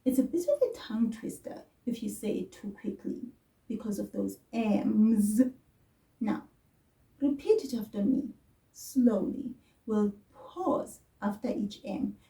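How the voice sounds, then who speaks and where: A woman gives a slow, patient children's language lesson in a mellow, dark-toned voice. She sounds a little far from the mic, in an echoey room. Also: medium pitch, vocal fry. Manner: slow, careful, repeats words for the child to echo.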